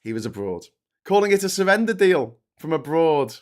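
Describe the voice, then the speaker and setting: A man's voice: on the high side, sing-song, normal speed. A man ranting in political commentary, sardonic and profane.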